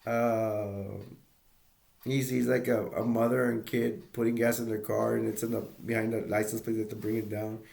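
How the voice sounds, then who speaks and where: Rambling, gravelly-voiced man. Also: fairly low pitch, flat delivery, normal speed, darkish tone, roomy sound. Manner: rambling, with many restarts and chuckles. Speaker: movie reviewer. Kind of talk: casual plot retelling.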